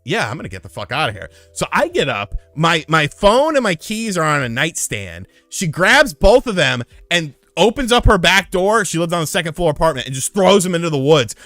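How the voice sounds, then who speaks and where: A man casually telling a profane story on a live stream, getting loud and heated when he retells a fight. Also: on the high side, very animated, moderate pace, few pauses, no echo. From lived in North Carolina.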